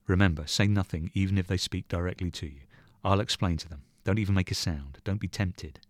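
A man's voice: low voice, brisk, dry recording, studio quality, lightly acted. A man doing a stern, tired factory owner. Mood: firm. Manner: firm, commanding.

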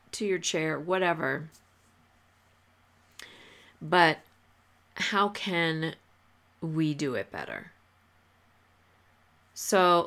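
Female podcast host, low and slow, easygoing advice talk. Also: creaky. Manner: relaxed, conversational, many fillers and restarts.

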